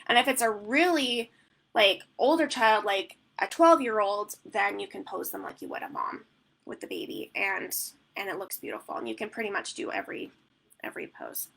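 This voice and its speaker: A woman's voice: mid-range voice, expressive, moderate pace, vocal fry, a bit bright, poor audio. A woman newborn photographer answering questions in a live online Q&A, rambling and chatty with plenty of "like" and "um". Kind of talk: live Q&A teaching.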